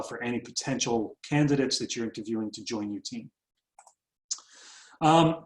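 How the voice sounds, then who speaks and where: A man's voice: medium pitch, reverberant, low-quality recording. A man presenting a recorded webinar as a business coach, explaining ideas in a conversational way with frequent fillers and self-corrections.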